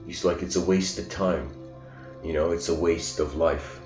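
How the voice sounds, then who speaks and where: A man's voice: sits low, fairly even intonation, moderate pace, darkish tone. A man giving a casual storytelling lecture, rambling and acting out the quoted lines with rising intensity. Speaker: spiritual lecturer. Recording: roomy, dull lo-fi recording with faint music.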